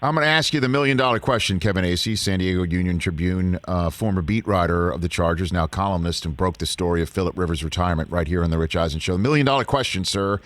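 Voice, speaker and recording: A man hosting a sports talk show, interviewing a guest, enthusiastic and quick to laugh, repeating phrases for emphasis. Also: low voice, a bit bright, no room sound. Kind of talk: studio interview.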